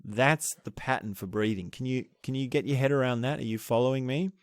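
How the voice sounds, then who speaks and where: A man teaching breathing techniques in a slow, measured way, explaining each step and pausing to restart his phrases. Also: medium pitch, no room sound, studio quality. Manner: explains step by step, demonstrating laughter breathing aloud. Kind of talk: spoken lesson on breathing techniques.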